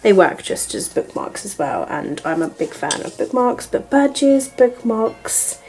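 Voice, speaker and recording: A young British woman vlogging an unboxing and book haul, gushing and excitable, sometimes dropping to a breathy whisper of delight. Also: mid-range voice, unhurried, poor audio.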